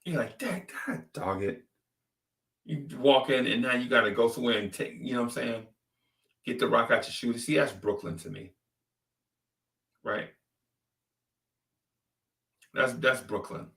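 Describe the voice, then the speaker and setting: A man's voice: mid-range voice, fairly even intonation, normal speed, gravelly, long pauses, a bit bright, reverberant, far from the mic. A man hosting a casual sports talk show, ranting animatedly and repeating phrases for emphasis. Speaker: sports podcast host.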